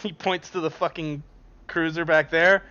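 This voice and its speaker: A man's voice: a little high, steady tone, moderate pace, bright, forceful tone, clean tone. A man narrating as game master of a tabletop game, casual and profane, often laughing. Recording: dull lo-fi stream audio.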